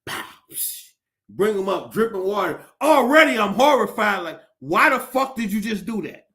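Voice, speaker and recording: A male podcast host in a profane, animated comedic rant, often laughing as he talks. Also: sits high, normal speed.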